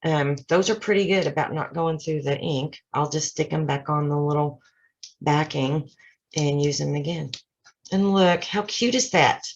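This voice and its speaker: With a deep voice, fairly even intonation and a moderate pace, a woman hosts a relaxed card-making tutorial from her craft desk. She chats through each step and makes self-deprecating asides for her craft channel. The sound is lo-fi and a bit dull.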